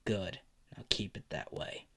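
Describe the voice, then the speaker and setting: A man voicing a cold, contemptuous teenage boy swordsman who mutters dismissively in a low, quiet voice. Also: a little slow, natural voice.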